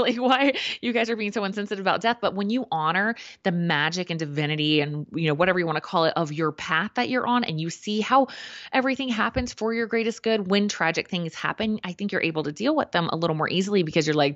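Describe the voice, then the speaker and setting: A woman co-hosting a podcast, telling a personal story in a chatty, animated way and acting out the voices of people she quotes. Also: lowish voice, brisk, no room sound. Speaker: podcast co-host. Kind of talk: casual conversational storytelling. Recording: dull lo-fi remote call audio.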